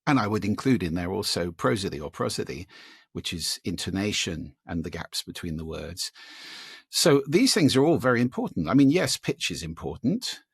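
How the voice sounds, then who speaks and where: A man being interviewed about voice and listening, talking in an animated, demonstrative way and trying out vocal examples as he explains. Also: low voice, normal speed, dry recording, clean studio sound. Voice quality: gravelly, husky. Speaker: guest, speaker on voice and listening.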